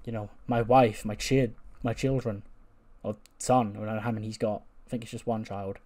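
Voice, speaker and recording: A man's voice: on the low side, little pitch movement, moderate pace, darkish tone, natural voice. A man plays a gloomy male wrestler sunk in self-pity who complains in a mopey way. It stays near the reader's own voice.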